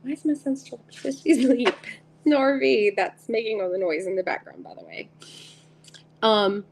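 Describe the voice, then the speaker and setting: Chatty woman with a gravelly voice. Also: on the high side, measured pace, a little hiss or hum, rough recording. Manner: chatty, giggly, greets viewers by name. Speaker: tarot reader and live stream host. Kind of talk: casual live-stream chat.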